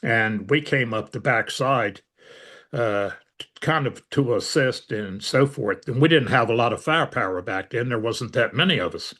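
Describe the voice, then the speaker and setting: Expressive and slightly bright, an older veteran's medium-pitched voice moves at a normal speed as he's interviewed about his past. He tells his stories in a rambling way, using lots of fillers and dry wit.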